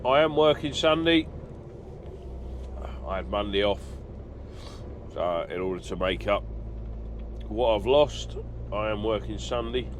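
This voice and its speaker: A middle-aged man talks through his trucking day in a loose, rambling way, full of ums and uhs. His voice sits a little low. Faint outdoor traffic noise hangs behind him. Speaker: truck driver vlogger. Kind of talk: casual vlog chat.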